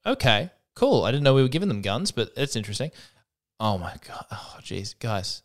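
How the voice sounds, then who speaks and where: A man's voice: mid-range voice, very animated, moderate pace. A man hosting a solo podcast, rambling with wry asides and frequent restarts. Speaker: podcast host. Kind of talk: solo comedic podcast monologue.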